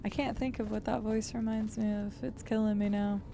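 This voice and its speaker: A young woman streamer chatting casually while playing a game, thinking out loud and greeting her viewers. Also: mid-range voice, fairly even intonation, a little fast, vocal fry, noisy background. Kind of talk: casual chat while gaming.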